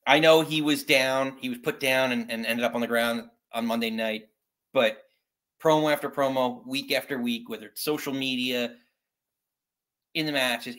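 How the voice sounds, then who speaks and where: A man's voice: medium pitch, a bit bright. A man hosting a casual wrestling podcast, upbeat and steering the segment from topic to topic. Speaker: podcast host.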